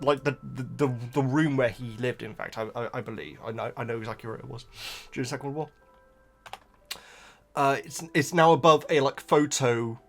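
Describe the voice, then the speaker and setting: A man's voice: mid-range voice, fairly bright tone. A man chatting casually on his own channel, rambling with many restarts between topics. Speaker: book reaction host. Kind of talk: casual chat while reading.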